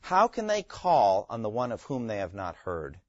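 A man's voice: lowish voice, huge pitch swings, moderate pace, no room sound. Guy teaching bible class, keeps asking the room questions, dry dull sound. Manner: asks the class questions and repeats key phrases.

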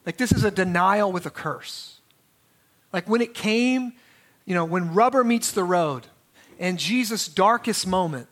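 A man's voice: sits high, animated, measured pace, fairly bright tone. A man preaching a sermon as pastor, in a conversational way with restarts and asides.

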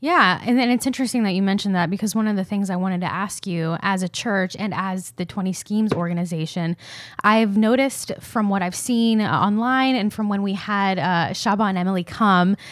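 A woman's voice: mid-range voice, moderate pace. Friendly woman co-hosting a podcast. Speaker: podcast co-host. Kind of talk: casual podcast conversation.

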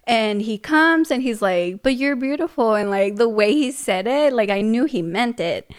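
A woman whose first language is Spanish, a guest in a casual interview, talking softly with many fillers and frequent laughs. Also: medium pitch, lively intonation, measured pace, smooth. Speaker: podcast guest.

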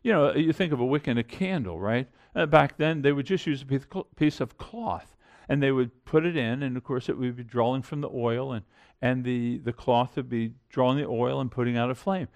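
A man's voice: mid-range voice, a little fast, a little mellow. A middle-aged man preaching a sermon in an earnest, conversational way, building to emphatic points. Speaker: pastor.

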